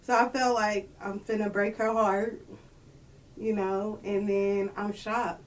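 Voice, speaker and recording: A woman's voice: mid-range voice, little pitch movement, takes it slowly, distant mic, poor audio. A woman guest speaking candidly in a casual podcast conversation. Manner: candid, conversational, many fillers.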